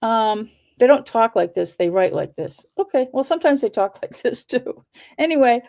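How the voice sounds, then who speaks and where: A woman with a somewhat higher voice talks casually, drifting between thoughts and correcting herself as she goes. She sounds like a local video blogger chatting about small-town matters. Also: expressive, normal speed, creaky, dark tone. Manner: chatty and rambling, with self-corrections. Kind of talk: casual commentary.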